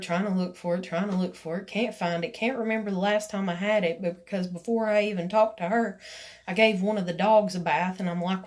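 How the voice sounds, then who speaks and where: A woman's voice: medium pitch, darkish tone. A woman, casually telling a personal story in a rambling vlog, full of "you know" and "like", acting out what others said. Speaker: vlogger.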